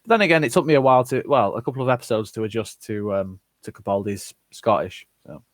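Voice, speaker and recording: A man's voice: medium pitch, fast talker, no echo. A man hosting a live stream, reading viewers' comments aloud and answering them bluntly with plenty of swearing. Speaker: channel host answering live chat. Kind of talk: casual live-stream chat.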